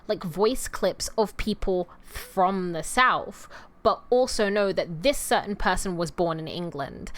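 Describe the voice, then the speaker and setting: A woman's voice: mid-range voice, a bit bright. A woman chatting on a live stream, talking to her viewers at length. She rambles in a playful, easygoing way and drifts between asides. Her voice sits in an ordinary middle range. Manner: addresses viewers as "you guys" and "y'all". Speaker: VTuber streamer. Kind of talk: casual stream chat.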